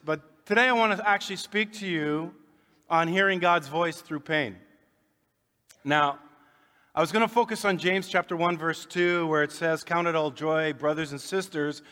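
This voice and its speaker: Male pastor, folksy and joking, slightly high voice, church hall reverb. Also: fairly bright tone. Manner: folksy, joking, conversational preaching. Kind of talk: sermon. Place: church sanctuary.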